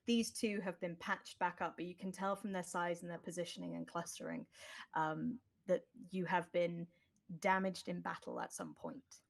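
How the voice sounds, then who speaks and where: A woman narrating as the game master of a tabletop role-play, describing the scene in measured detail. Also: lowish voice, lively intonation. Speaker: dungeon master.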